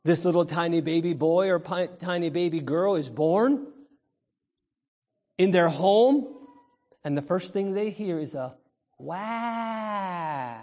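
A male pastor with a high-sitting, darkish voice preaches a Sunday sermon to the children at an unhurried pace. He tells stories emphatically, calls out to the congregation, and imitates baby cries.

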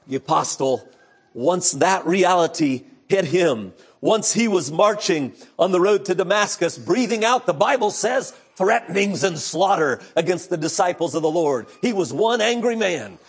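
A middle-aged male pastor preaching an earnest sermon, moving between loud emphatic passages and hushed, low storytelling. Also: expressive, a little slow, slightly rough. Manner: earnest, preacherly retelling of scripture.

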